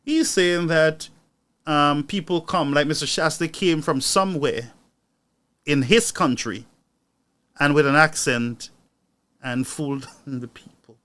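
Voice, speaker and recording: A man hosting a political commentary show, talking to his audience with indignation and rising into loud outbursts. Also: on the high side, steady tone, slow pace, pauses often. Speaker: news commentary host.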